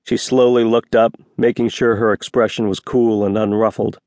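A man narrating a romance novel as an audiobook reader, voicing each character with slight shifts of pitch. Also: flat delivery, moderate pace, a little mellow, no room sound. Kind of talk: scripted narration.

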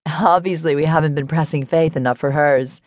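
A woman's voice: deep voice, moderate pace, darkish tone, no echo. A woman voicing a guarded adult woman who talks in a dry drawl, in a dry audiobook recording.

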